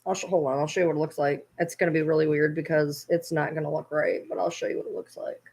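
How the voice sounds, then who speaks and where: A woman's voice: low voice, level tone, fast, a little mellow. A woman vlogging casually at home, playfully scolding her dogs in a baby-talk tone. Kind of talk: casual vlog chat.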